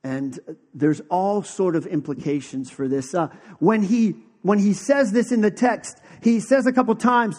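A man preaching a sermon as pastor, conversational, dropping to a hushed, slow emphasis on key phrases. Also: high-pitched, long reverb tail.

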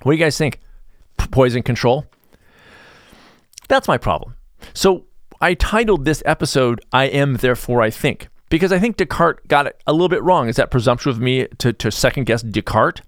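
A man's voice: mid-range voice, lively intonation, moderate pace, no echo, studio quality. A middle-aged man hosting a podcast in a rambling, sarcastic, self-interrupting monologue. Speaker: podcast host.

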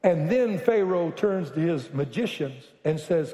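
A man's voice: fairly high pitch, a little slow. Preaching man in an echoing church. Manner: animated storytelling with joking asides, bursts to shouting. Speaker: pastor. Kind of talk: sermon. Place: church sanctuary. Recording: echoey reverberant hall.

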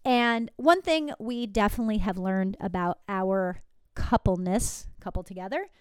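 A middle-aged woman from Southern California hosts her own podcast and tells a story in a chatty, animated way. Her voice is smooth and clear. The recording is close and dry on a desktop microphone. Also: mid-range voice, moderate pace, dry recording. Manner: chatty, animated, with asides and laughs. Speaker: podcast host. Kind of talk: casual storytelling monologue.

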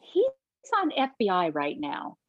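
A woman actress chats as a guest, spinning animated stories and slipping into the voices of the people she quotes. Her voice is husky and breathy. The recording is dry and a touch dull. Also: lowish voice, a little slow, no echo. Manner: animated, acts out quotes of others. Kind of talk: casual anecdotal storytelling.

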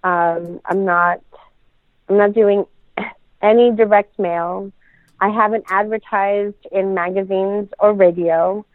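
A woman's voice: medium pitch, fairly even intonation, takes it slowly, no echo. A woman co-hosting a casual podcast, chatty and laughing, with many fillers. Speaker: podcast co-host, dental practice owner. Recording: tinny phone-like sound.

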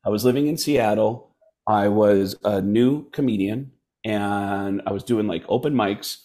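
A man's voice: lowish voice, a little slow. A stand-up comedian telling a story in casual chat, jumping into voices as he goes. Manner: animated storyteller who slips into voices. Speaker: comedian guest.

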